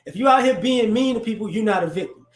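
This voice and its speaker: A man's voice: high-pitched, fast talker. A man hosting a live stream, giving blunt, confrontational social commentary off the cuff, rambling and repeating words as he builds each point. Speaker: livestream host. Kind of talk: unscripted social commentary rant. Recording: roomy echo.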